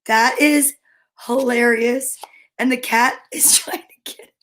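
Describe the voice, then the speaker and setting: A woman with a high-pitched voice reads picture books to young children. She keeps it casual and cheerful, comments on each page as she goes, and eases into a slow lilting rhythm when she reads rhyming verse. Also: steady tone, fairly bright tone. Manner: chatty and cheerful, comments between pages; slows down and lilts when reading verse. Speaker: storyteller reading picture books aloud. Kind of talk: casual read-aloud for children.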